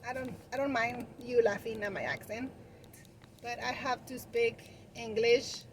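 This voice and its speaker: A woman's voice: a little high, steady tone, a little slow, a little hiss or hum, poor audio. A woman with a Spanish accent whose first language is Spanish chats casually to camera about running her balloon decor business. She talks in a loose, rambling way, restarting phrases and using fillers as she goes. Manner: chatty, with frequent restarts and fillers.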